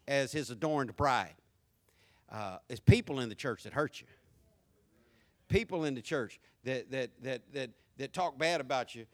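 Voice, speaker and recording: A middle-aged man preaching a sermon, swinging from hushed asides to loud, emphatic lines. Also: medium pitch. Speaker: pastor.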